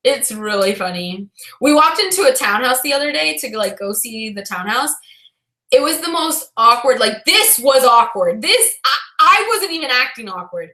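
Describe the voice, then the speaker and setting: A woman vlogger telling a story casually, her voice high and bright. She scatters "like" through every sentence and laughs easily. The sound bounces around an echoey room. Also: sing-song, moderate pace.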